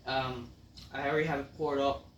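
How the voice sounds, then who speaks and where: A man's voice: medium pitch, level tone, fairly quick, lo-fi sound, heavy background noise. Profane, rambling man ranting. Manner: rambling, profane, loud outbursts. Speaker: wrestling show reviewer. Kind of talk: casual ranting review. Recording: echoey room, mic at a distance.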